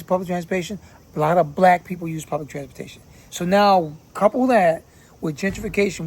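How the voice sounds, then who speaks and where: A man's voice: high voice, darkish tone, slightly rough. A man from Philadelphia giving casual commentary, talking bluntly in profane street slang. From Philadelphia, USA. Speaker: channel host giving commentary.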